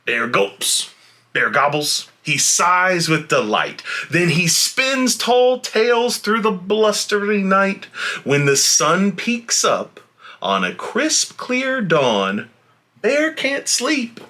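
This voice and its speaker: A man reading a children's picture book aloud in a playful, animated way, giving the animals little voices, then chatting casually to young viewers. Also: sits high, slow. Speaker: children's story reader.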